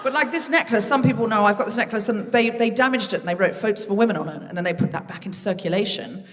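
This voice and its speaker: A woman's voice: medium pitch, fast, a bit bright, big-room sound, distant mic, a little hiss or hum. A woman hosting a live comedy podcast on a theatre stage, chatty and self-mocking as she banters with the audience. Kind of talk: live stand-up hosting with crowd work. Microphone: stage microphone.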